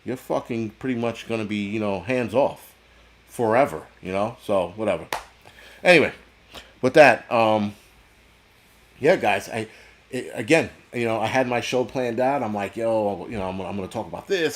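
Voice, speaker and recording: Brief: crude, rambling male livestream host, low-pitched, swears nonstop, chats with viewers. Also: moderate pace. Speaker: livestream host reading chat. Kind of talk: casual profane livestream rant.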